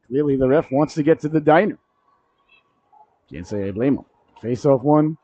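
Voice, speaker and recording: A man calling a high school hockey game play-by-play, cracking jokes between plays and shouting on goals. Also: no echo. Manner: jokey asides, rises sharply to shouts on goals. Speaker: play-by-play commentator. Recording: dry, dull lo-fi broadcast audio.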